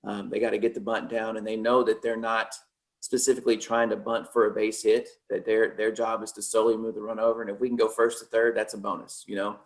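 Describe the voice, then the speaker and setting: A man, a softball coach, explaining plays at length in a steady, practical way. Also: lowish voice, fast talker. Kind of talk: casual interview.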